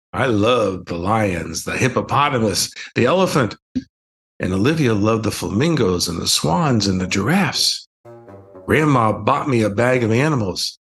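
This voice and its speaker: Gravelly older man reading a storybook. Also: medium pitch. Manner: playful, expressive first-person child narration. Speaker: author reading his children's book.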